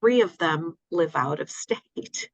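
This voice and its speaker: An older woman talking in a relaxed interview, hesitant with many fillers and restarts, over a dull audio line. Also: low-pitched, slow pace, gravelly, no room sound. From United States. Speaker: guest. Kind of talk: casual interview.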